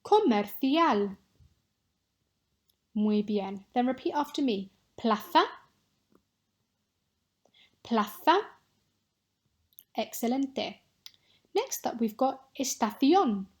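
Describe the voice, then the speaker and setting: A woman teaching a recorded Spanish lesson, modelling words clearly and patiently for pupils to repeat. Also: fairly high pitch, animated, a little slow, dark tone.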